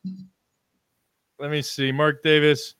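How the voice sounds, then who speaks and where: A man hosting a casual live-stream interview, talking in halting bursts with frequent ums and restarts while he reads out viewer comments. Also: on the high side, completely flat delivery, a bit bright, clean tone, no echo, studio quality. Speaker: livestream interview host.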